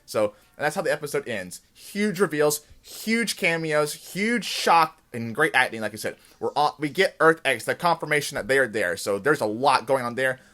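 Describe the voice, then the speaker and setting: Male host for a TV after-show review, mid pitch, casual and excited, quoting characters in scene recaps. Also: moderate pace, few pauses. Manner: excited storytelling recap, acts out characters' lines.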